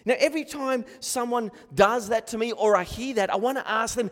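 An Australian man preaches with earnest emphasis, his voice sitting high for a man. He repeats words and restarts phrases as he presses his points. The sound carries a long reverb, as if he speaks in a large hall. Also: brisk, hardly any pauses, a bit bright. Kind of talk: sermon.

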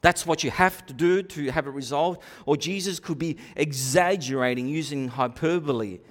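A man preaching a sermon in a church, swinging between loud emphatic bursts and quiet asides. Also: fairly high pitch. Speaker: pastor. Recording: long reverb of a church hall.

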